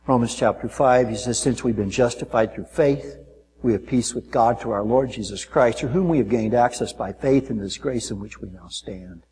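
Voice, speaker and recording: A man preaching a sermon, telling stories and acting out people in raised voices. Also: slight background noise. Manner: animated storytelling, mimics people in high voices. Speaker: pastor. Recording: long reverb of a large hall.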